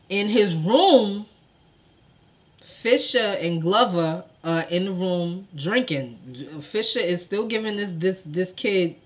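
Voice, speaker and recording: A young woman telling a true crime story to her viewers in casual, profane speech, acting out the quotes with sudden jumps in loudness. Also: lowish voice. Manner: animated, profane, acts out quotes with big swings in loudness.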